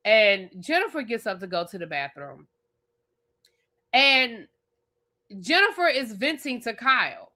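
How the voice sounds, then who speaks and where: A woman's voice: on the high side, unhurried, long pauses. A woman hosting a live TV review, ranting bluntly and with plenty of profanity, and talking straight at the people on the show. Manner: animated, blunt and profane, talks straight at the show's cast. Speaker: TV show reviewer and channel host.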